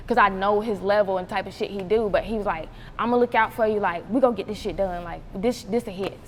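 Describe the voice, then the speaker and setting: A young woman from North Carolina, telling stories as an interview guest in an animated, profane way, laughing often and acting out voices. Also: mid-range voice, in a large hall, a little hiss or hum. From North Carolina, USA. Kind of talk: casual storytelling interview.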